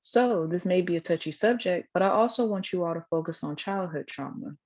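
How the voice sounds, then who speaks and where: A woman's voice: lowish voice, expressive, fairly quick, a little mellow. A woman giving a casual spiritual teaching talk, blunt, profane and affectionate toward her listeners. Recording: dull lo-fi sound.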